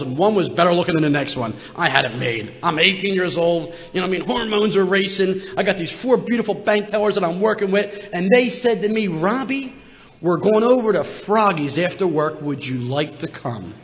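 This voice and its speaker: A man in his sixties from Philadelphia, telling a humorous personal story as a recovery meeting speaker, animated and acting out the voices of people in it. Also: high-pitched, a little fast. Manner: animated, jokey, acts out voices. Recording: muffled, long hall reverb.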